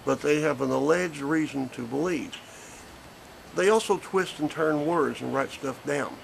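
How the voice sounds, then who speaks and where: A man's voice: a little high, unhurried, gravelly, a little hiss or hum, low-quality recording. A man, a grandfather speaking bluntly and indignantly in a recorded statement. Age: 50s. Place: porch outdoors.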